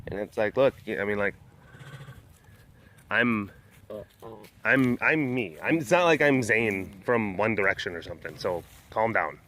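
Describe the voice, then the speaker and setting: A man's voice: on the low side, lively intonation, unhurried, pauses often, bright, forceful tone. A man hosting a casual vlog from outdoors at a big cat sanctuary, where he guides tours. He rambles and jokes, with many fillers and restarts.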